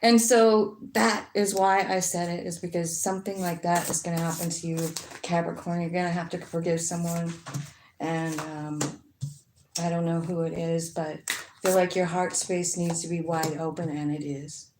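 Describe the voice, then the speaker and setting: This tarot reader is a woman whose voice sits on the low side, with a level tone and a moderate pace. She chats through the reading casually and ramblingly, using plenty of fillers and some curse words. The recording has an echoey room sound and faint noise.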